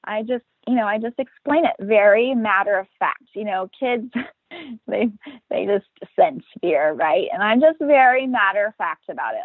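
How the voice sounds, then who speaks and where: A woman's voice: mid-range voice, lively intonation, normal speed, husky, no room sound. A woman in her thirties, a guest in a casual interview, talking in an upbeat, matter-of-fact way and acting out the voices she quotes. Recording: dry, tinny phone-like line.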